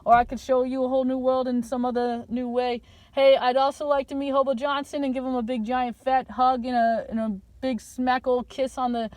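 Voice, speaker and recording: A woman vlogger talking to her viewers in a meandering, playful monologue full of slang, drifting between calm and loud. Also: a little high, no room sound. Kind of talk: rambling stream-of-consciousness monologue.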